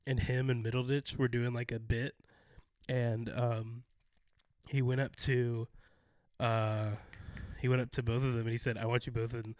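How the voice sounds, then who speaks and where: A man in casual chat about a favorite sitcom, excitable, often acting out quotes. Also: mid-range voice, measured pace, pauses often, dry recording. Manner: excitable, acts out quotes with laughs.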